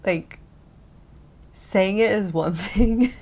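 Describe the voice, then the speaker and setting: A woman's voice: lowish voice, unhurried, a little mellow. A woman giving casual, laid-back reaction commentary on a comedy clip, drawling and filling her speech with "like".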